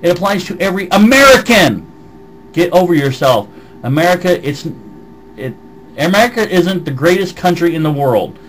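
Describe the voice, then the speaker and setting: A man's voice: high-pitched, lively intonation, normal speed, fairly bright tone, a little hiss or hum, rough recording. A man with a slight Southern American accent, ranting on a vlog and reading out comments in a heated, swearing voice. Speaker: vlogger. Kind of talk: angry vlog rant answering comments.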